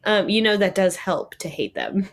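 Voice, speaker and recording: A woman's voice: mid-range voice, very animated, normal speed. A young woman co-hosting a casual podcast chat, talking loosely, laughing often and acting out the people she quotes. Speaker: podcast co-host.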